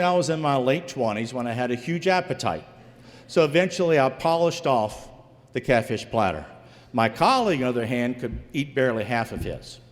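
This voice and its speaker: A man's voice: mid-range voice, big-room sound. A man from Virginia, a former investigator, telling a true story live on stage in a folksy way, calling the audience folks.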